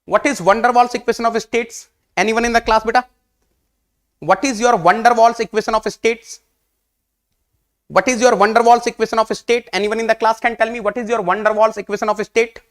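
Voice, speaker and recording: His voice sits high and a bit bright, brisk with a steady tone. The man, an engineering teacher with an Indian English accent, gives an online exam-prep lecture, repeating questions and nudging the class in English and Hindi.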